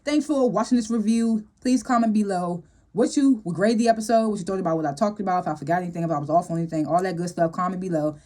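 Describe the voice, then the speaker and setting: A woman casually recapping a TV episode as a show reviewer, chatty and animated and laughing often. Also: lowish voice, fast.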